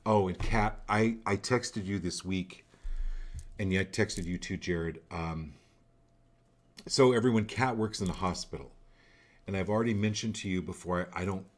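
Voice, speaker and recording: A man's voice: low voice, normal speed. A man hosting a live card-reading show, speaking directly and coaching each viewer, often repeating phrases for emphasis.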